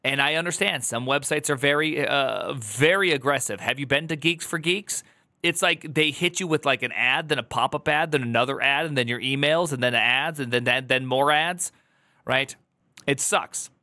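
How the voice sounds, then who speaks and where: Male streamer, casual reaction chat, bright tone, rambling delivery. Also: medium pitch, moderate pace, no room sound, clean studio sound. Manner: rambling, restarts, loud joking asides.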